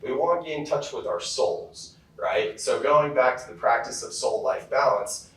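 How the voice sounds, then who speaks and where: A casual male keynote speaker from California shares motivational stories packed with fillers. His mid-range voice is animated, a little bright, and at normal speed, picked up from far away in a very echoey hall.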